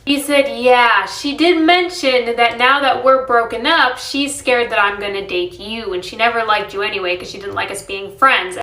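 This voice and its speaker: Animated woman telling a story, echoey room. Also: a little high, moderate pace, few pauses. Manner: animated and exasperated, acts out quoted dialogue. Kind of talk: casual storytime.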